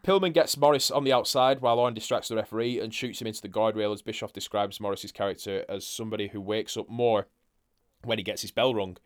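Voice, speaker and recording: Deep-voiced man chatting casually. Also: quick pace. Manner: laid-back, swears casually, chuckles often. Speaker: podcast co-host. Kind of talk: casual wrestling watch-along chat.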